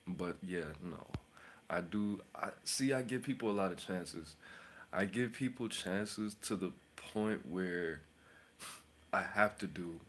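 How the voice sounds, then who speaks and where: A man's voice: deep voice, slow pace, slight background noise. A man hosting his own channel as a tarot reader, rambling and boasting in a casual rant, mocking with sudden whispers and outbursts.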